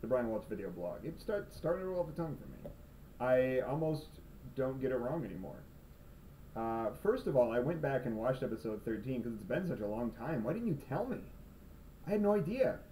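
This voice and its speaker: A man's voice: medium pitch, sing-song, a little fast, warm tone. A young man telling comic stories in his own video blog, rambling and sarcastic, self-mocking, filmed in his room at night. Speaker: video blogger. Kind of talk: comedic monologue vlog. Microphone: cheap camera's built-in mic. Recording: slightly distant camera mic, faint room noise.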